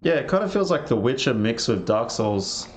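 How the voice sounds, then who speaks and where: A man's voice: mid-range voice, sing-song, moderate pace. A man giving casual, rambling commentary while streaming a game and answering viewer chat.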